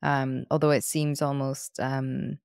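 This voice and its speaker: A podcast host asking curious follow-up questions and reacting quickly in a casual interview. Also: medium pitch, little pitch movement, creaky, darkish tone, no echo, studio quality. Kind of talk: conversational interview.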